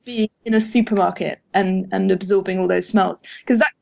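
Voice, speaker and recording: A woman joining a comic podcast with rambling, halting jokes. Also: medium pitch, fairly even intonation, vocal fry, darkish tone.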